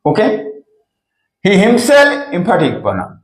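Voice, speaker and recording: Slow, lively-voiced teacher. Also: male voice, high voice. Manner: repeats key phrases, asks and answers own questions. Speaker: English grammar teacher. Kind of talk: slow explanatory lesson. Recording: echoey room.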